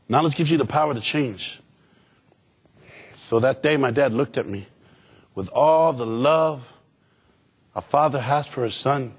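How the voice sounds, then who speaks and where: A man giving an energetic, humorous motivational speech to students, calling out to the crowd for answers. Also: on the high side, measured pace, pauses often, a little hiss or hum. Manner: animated, humorous, call-and-response with audience. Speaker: motivational speaker.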